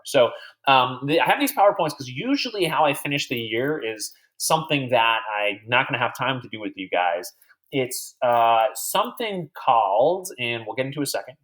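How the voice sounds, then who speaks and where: A man's voice: medium pitch, very animated, a little fast, a bit bright. A man teaching a recorded math lecture over slides, chatty and digressive, quizzing imaginary students as if they were in class.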